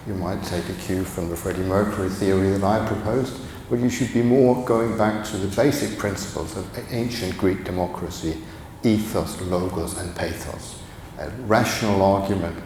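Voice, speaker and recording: A man with a low, gravelly voice lectures in a large hall. His delivery is chatty and digressive, full of wry asides. His voice booms back off the walls with a long reverb over faint background hiss. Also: darkish tone. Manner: conversational, digressive, humorous asides. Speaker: guest speaker, professor. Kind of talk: conference talk.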